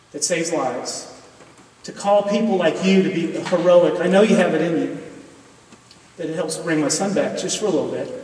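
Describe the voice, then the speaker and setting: A middle-aged university professor gives an emotional, earnest speech in a chapel, pleading with his audience. His voice is fairly high with a darkish tone, recorded from afar in a large, echoey hall with long reverb and slight background noise.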